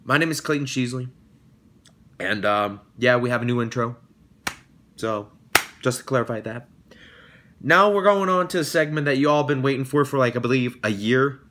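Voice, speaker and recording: A young man hosting his own YouTube show, talking casually and breaking into loud, sarcastic rants with swearing. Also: mid-range voice, moderate pace, pauses often, background noise. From United States. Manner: rants loudly, swears, dramatic outbursts. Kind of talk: casual vlog monologue.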